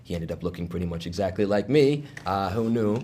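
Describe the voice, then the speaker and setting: A man's voice: low voice, animated, brisk, mellow, slight background noise. A man who works as a voice actor, giving long, considered answers in a casual interview. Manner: thoughtful, explains at length in full sentences. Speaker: voice actor guest.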